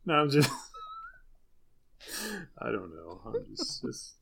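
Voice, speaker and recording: A man's voice: fairly high pitch, huge pitch swings, drawn-out words, gravelly, fairly bright tone, breathy edge. A man co-hosting a podcast over a video call, chatting in a wry, self-deprecating way. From Deep South of the US. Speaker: podcast co-host. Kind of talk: casual chat.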